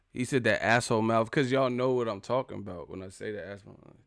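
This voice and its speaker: A man hosting a live stream, profane and animated, acting out the people he talks about. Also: lowish voice, quick pace, gravelly, no echo, clean studio sound. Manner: profane, animated, acts out quotes. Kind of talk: casual live-stream commentary.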